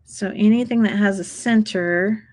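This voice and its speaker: A woman's voice: medium pitch, moderate pace, a little mellow, poor audio. A woman hosting a casual craft tutorial, chatty and upbeat, talking to viewers as she works at a craft table. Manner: chatty, upbeat, addresses viewers as "you guys".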